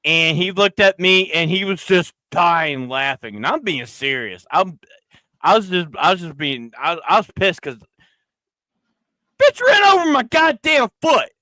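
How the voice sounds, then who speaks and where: A man hosting a podcast, telling a crude story loudly and acting out the other people in it. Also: fairly high pitch, normal speed, dry recording. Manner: loud, crude, animated storyteller, acting out quoted voices. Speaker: podcast host. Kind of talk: casual storytelling chat.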